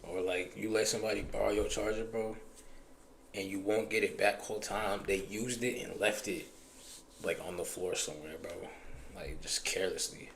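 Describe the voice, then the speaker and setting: Gravelly, low-voiced young man chatting. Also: fairly even intonation, normal speed, fairly bright tone, soft background music. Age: recent high school graduate. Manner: laid-back storytelling, slangy, says bro often. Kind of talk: casual chat.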